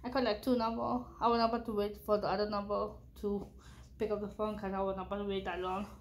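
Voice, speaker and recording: A woman's voice: mid-range voice, little pitch movement, fast talker. A young woman chatting casually in a storytime vlog, rambling and slangy, swearing freely, talking into a headphone mic at home. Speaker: vlogger.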